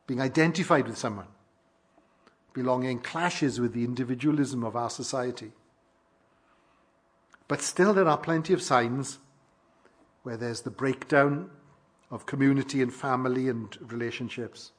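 A man delivers a sermon in a steady, deliberate way, pressing his points with emphasis and putting questions to his hearers. His voice has a husky, slightly breathy edge. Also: medium pitch. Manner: measured, emphatic preaching with rhetorical questions. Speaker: preacher.

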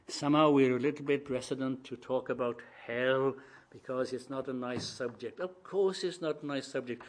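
An older man preaching a sermon, who swings from quiet asides to loud, emphatic declarations and acts out both sides of imagined dialogues. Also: mid-range voice, normal speed.

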